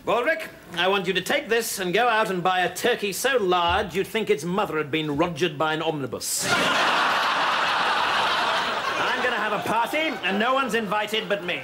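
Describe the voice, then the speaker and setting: Blackadder, a sneering miser. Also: male voice, sits high, expressive, normal speed, very noisy. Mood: spiteful. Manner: sneering, barking. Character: spiteful, miserly gentleman, middle-aged man.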